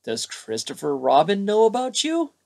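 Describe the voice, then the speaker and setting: A gentle, friendly storybook bear, as a man puts him on, mild and a little puzzled. The voice is pitched well above the reader's own. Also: wildly swooping pitch, normal speed, vocal fry, heavily acted.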